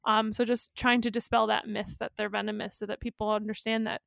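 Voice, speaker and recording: A woman's voice: mid-range voice, flat delivery, fairly quick, gravelly, fairly bright tone, no echo, studio quality. A woman co-hosting a podcast in casual chat, talkative, laughing often and swearing freely. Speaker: podcast co-host.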